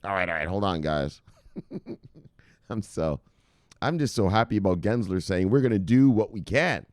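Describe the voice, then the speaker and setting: A man's voice: sits low, expressive, moderate pace, no echo, clean studio sound. A man hosting casual crypto news commentary, reading headlines aloud and rambling off into laughing, profane asides.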